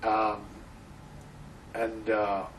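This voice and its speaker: Man, theater actor, interview guest, animated storytelling, frequent restarts, a bit off-mic. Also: fairly low pitch, extremely slow, far from the mic, a little hiss or hum, rough recording. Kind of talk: casual interview.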